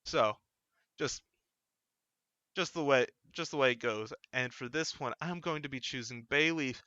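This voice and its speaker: A man's voice: medium pitch, measured pace, sharp tone, no echo, lo-fi sound. A man hosting his channel, chatting casually at home in a rambling, self-correcting way. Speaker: channel host. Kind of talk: casual solo vlog chat. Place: home room with a fan running.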